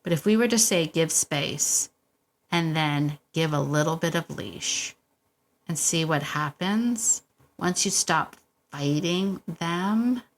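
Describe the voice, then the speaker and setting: A woman's voice: lowish voice, a little hiss or hum. A middle-aged woman hosting a dog-training podcast, coaching listeners in a casual, encouraging way with frequent laughs and repetition. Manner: warm, encouraging, laughs often, repeats herself.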